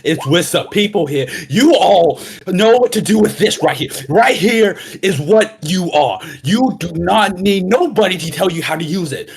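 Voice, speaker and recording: A man playing a husky earnest hero orator. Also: high voice, animated, normal speed, few pauses, pitched above the performer's own voice, full character voice. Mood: impassioned. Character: male adventurer hero giving a rousing public speech. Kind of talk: tabletop roleplay in character.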